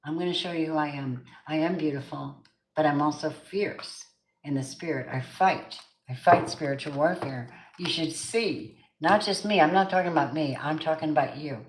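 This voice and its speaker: A woman's voice: deep voice, normal speed, reverberant, a little hiss or hum, low-quality recording. A middle-aged woman giving an emphatic live tarot reading, chatting with her viewers by name. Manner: emphatic, repeats affirmations. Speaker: tarot reader. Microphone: camera mic on a live stream.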